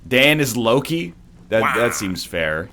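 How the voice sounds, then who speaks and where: Jokey Canadian man, lively voice. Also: medium pitch, slow, slight background noise. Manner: rambling, jokey, sarcastic. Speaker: let's play streamer. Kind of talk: casual gaming commentary.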